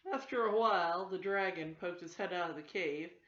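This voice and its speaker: Older woman, grandmother reading a storybook, gentle, steady, echoey room, dull lo-fi sound. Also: fairly low pitch, moderate pace. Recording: roomy, slightly dull home recording.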